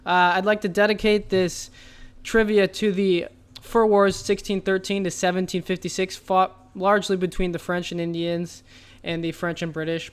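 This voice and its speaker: A man hosting a comedic trivia segment, delivering absurd jokes as if they were straight facts in a deadpan, mock-serious way. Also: high voice, moderate pace, smooth. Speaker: trivia host.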